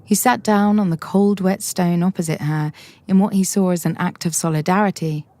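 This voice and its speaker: Mellow woman reading a story. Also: lowish voice, fairly even intonation, moderate pace, dry recording. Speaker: audiobook reader. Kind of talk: scripted story narration.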